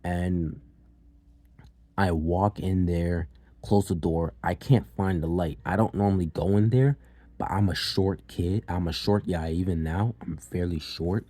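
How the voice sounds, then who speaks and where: Low husky-voiced young man. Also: a little slow, warm tone, no room sound. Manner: loose and profane, with many fillers. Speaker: storyteller. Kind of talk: casual personal storytelling.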